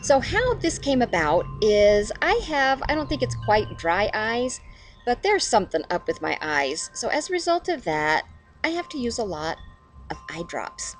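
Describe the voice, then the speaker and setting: Chatty middle-aged woman, lively voice. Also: a little high, normal speed, soft background music. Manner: chatty, self-deprecating, laughs at herself. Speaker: devotional video host. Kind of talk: casual devotional talk to camera.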